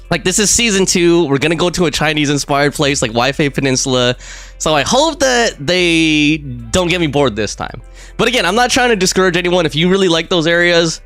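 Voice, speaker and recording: Male gaming streamer, casual rambling chat, lively slightly high voice, dry sound, faint game music behind. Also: dry recording. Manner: rambling, filler-heavy, laughs often. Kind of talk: casual live gameplay commentary.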